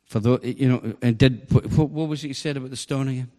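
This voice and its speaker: A man preaching a sermon, animated and storytelling, sometimes bursting into a shout. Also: medium pitch, fairly quick. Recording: long hall reverb.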